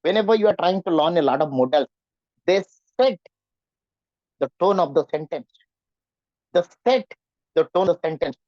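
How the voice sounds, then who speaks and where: A man's voice: on the high side, fairly quick, no room sound, highs cut off. A man teaching in an online class, often asking his students questions. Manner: repetitive, questioning students, acts out nervous voices. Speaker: English teacher.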